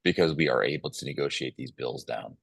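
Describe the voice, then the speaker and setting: Very deep male voice, dry sound, earnest storyteller, casual panel talk. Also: fairly quick, gravelly, a bit bright, breathy edge, no echo. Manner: earnest, storytelling, filler-heavy. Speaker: company CEO guest.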